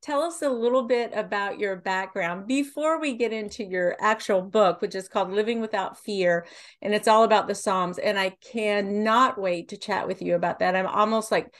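A woman's voice: medium pitch, normal speed. A woman hosting a faith podcast, introducing her guest and asking questions with gushing enthusiasm. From Kentucky, USA. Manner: gushing, effusive. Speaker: podcast host.

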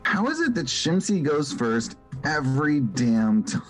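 Slow-talking guy, voice swoops a ton, music pretty clear behind. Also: on the high side, very animated. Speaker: player. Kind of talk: casual tabletop play.

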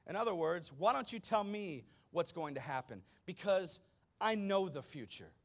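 A man preaching a sermon in an animated, conversational way, dropping slangy asides. His voice sits fairly high for a man. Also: normal speed.

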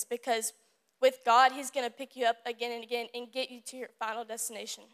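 A woman's voice: fairly high pitch, level tone, fairly quick, smooth. A teenage girl giving an earnest, casual devotional talk to a youth group in a room, repeating her points. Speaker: youth service speaker.

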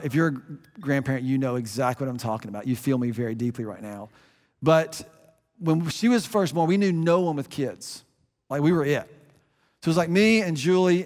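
A man's voice: on the high side, big-room sound. A middle-aged man preaching a sermon as a pastor, earnest and conversational, often restarting his phrases.

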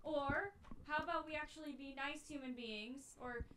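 Woman, tabletop player, high-pitched, hesitant, filler-heavy, noisy recording. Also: steady tone, normal speed, recorded from a distance. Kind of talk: playing a tabletop game.

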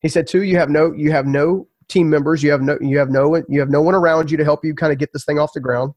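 Fast-talking earnest man. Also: a little high, dry recording, lo-fi sound. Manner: earnest, emphatic, repeats words when excited. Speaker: podcast guest, entrepreneur. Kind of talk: storytelling in a podcast interview.

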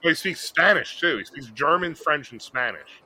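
Bright-voiced man with lively reactions. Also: on the high side, normal speed, a little hiss or hum. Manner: animated, wisecracking reactions. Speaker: podcast co-host. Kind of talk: casual movie watch-along chat.

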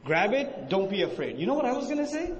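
High-voiced man lecturing in an echoey hall. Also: very animated, fast, muffled recording. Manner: questions the audience and answers himself; acts out quoted speech with rising emphasis. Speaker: Islamic teacher. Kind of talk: religious lecture to a live audience. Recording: echoey hall with faint noise.

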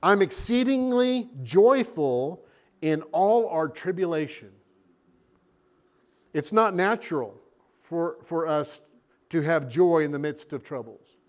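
A man preaching a sermon as a pastor, animated and acting out little scenes. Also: a little high, slow, pauses often.

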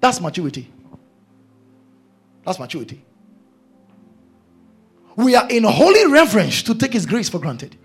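A man's voice: high voice, wildly swooping pitch, moderate pace, pauses often, slightly rough, faint music behind. A male preacher delivering a sermon, emphatic and repeating his key phrases.

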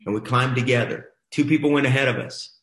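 A man's voice: mid-range voice, fast talker, a bit bright, reverberant. A middle-aged man telling a motivational story as host of a coaching boot camp, emphatic and exhorting, repeating his phrases.

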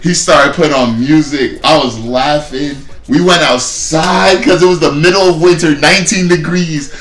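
A man's voice: fairly high pitch, moderate pace, a bit bright, roomy sound. A man, co-hosting a podcast and telling a story in casual chat, laughing often and acting out the lines he quotes. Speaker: podcast co-host.

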